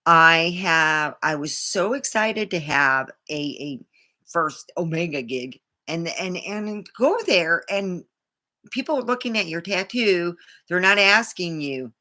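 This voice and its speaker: A woman's voice: on the low side, animated, takes it slowly, bright, forceful tone. A woman vlogger talking in a rambling, indignant way, swearing freely as she tells a personal story. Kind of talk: casual monologue to camera.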